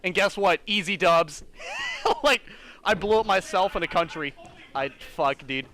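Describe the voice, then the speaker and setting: A man's voice: high-pitched, expressive, moderate pace, sharp tone, faint music behind. A young man streaming a game, ranting with exasperated, profane commentary.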